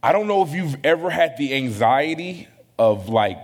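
A man's voice: on the high side, normal speed. Conversational man preaching in a hall. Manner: conversational, self-deprecating, animated asides. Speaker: pastor. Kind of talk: sermon.

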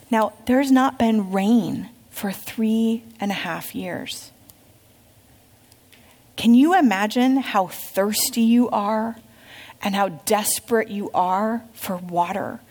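A woman with a somewhat high voice teaches a Bible lesson, reading scripture aloud and turning it into a lively story. She pauses to quiz her class. Her voice carries a long reverb, as if heard in a large hall. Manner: storytelling, asks the class questions.

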